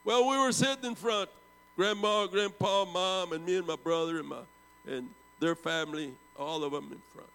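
A man in his seventies tells a story from the pulpit in a gravelly voice. He rises to loud bursts and sinks to hushed low tones, and a long hall echo trails each phrase. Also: moderate pace. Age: 70s. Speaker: preacher. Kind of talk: storytelling sermon.

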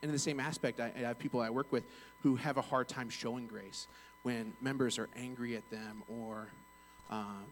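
An earnest man of middle pitch talks through a personal story from his work in customer service. He rambles and restarts his sentences often in a relaxed, casual way, with a faint hum behind him. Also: normal speed, hardly any pauses, poor audio. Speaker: bank customer service rep.

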